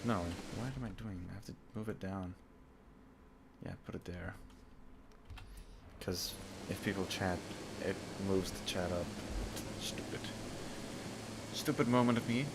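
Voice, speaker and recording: Slow-talking man streaming a game. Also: sits low, very noisy. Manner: mumbling to himself, unhurried. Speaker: gaming streamer. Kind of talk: casual live gameplay commentary. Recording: loud accordion music behind.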